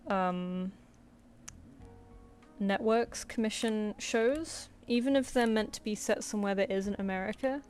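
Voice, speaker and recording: Drawing live on stream, the artist keeps up a rambling, easygoing chat with her audience and laughs often. Her mid-range, darkish voice moves at a measured pace, with faint music in the background.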